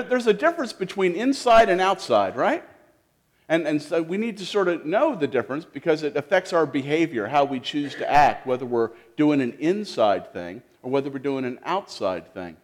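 Male pastor, children's sermon, gentle questioning manner, fairly high voice, animated intonation. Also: moderate pace. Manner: gentle, lively, talks to children with questions and restarts. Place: church sanctuary.

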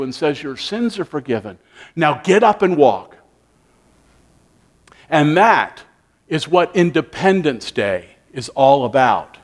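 A man preaching a sermon, animated, acting out people's inner voices with sighing asides. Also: high voice. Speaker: pastor.

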